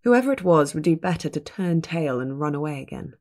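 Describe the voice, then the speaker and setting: A woman narrating a fantasy audiobook in a measured, even reading. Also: low-pitched. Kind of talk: scripted narration.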